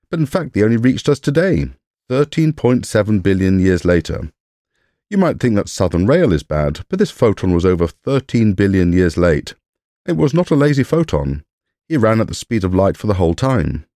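A man's voice: low-pitched, warm tone, no room sound. A man hosting a podcast, reading a scripted science explainer with dry humor and jokey asides. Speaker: podcast host.

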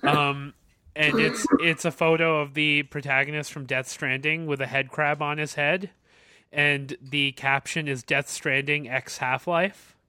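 An excitable man co-hosting a podcast chat, swearing freely. His voice is bright and sharp, sitting a little high for a man. The recording is dry and close, with no room sound. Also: a little slow, clear, resonant tone, no room sound. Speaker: podcast co-host. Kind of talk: casual chat.

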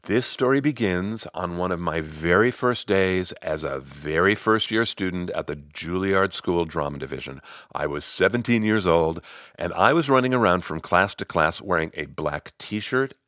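A middle-aged man hosting his own podcast and telling a story as a speaking coach. He is expressive, climbing high when excited and sinking to near-whispers. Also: moderate pace, dry recording, studio quality. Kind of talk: solo podcast storytelling and advice.

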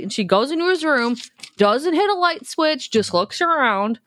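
A woman in her thirties co-hosting a podcast, recapping a horror film in a lively, profane, joking way. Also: sits high, moderate pace, dry recording, studio quality. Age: 30s. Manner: profane, animated storytelling. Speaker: podcast co-host.

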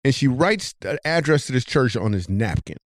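A man hosting a podcast, telling a comic story with animated delivery. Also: moderate pace, dry recording, clean studio sound. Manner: animated, jumps high when telling the punchline. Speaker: comedian and podcast host.

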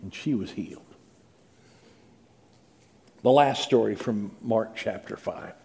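A man's voice: fairly low pitch, slow pace, vocal fry, a little mellow. A middle-aged male pastor reading scripture dramatically and preaching with rising emphasis. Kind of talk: sermon.

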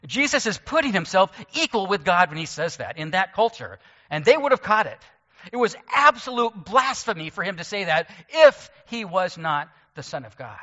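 A man's voice: high voice, sing-song, moderate pace, sharp tone, big-room sound, muffled recording. A man preaching a sermon as a pastor, explaining scripture in a conversational way with occasional joking asides. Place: church sanctuary.

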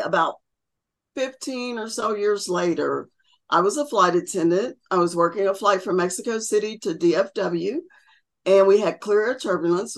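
A woman's voice: lowish voice, a bit bright. A middle-aged woman, a podcast guest, telling her story in casual chat and acting out the voices she quotes. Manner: chatty, acts out quoted voices.

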